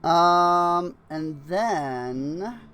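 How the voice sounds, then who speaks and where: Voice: mid-range voice, animated, extremely slow, fairly bright tone, smooth, faint music behind. A streamer giving casual game commentary with chatty, self-deprecating asides.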